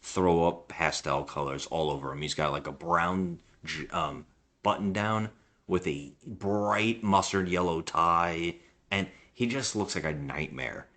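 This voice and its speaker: A man's voice: low voice, unhurried, fairly bright tone. A man co-hosting a casual podcast about bad movies, joking and rambling through his review. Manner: joking, rambling, does mock impressions. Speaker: podcast co-host.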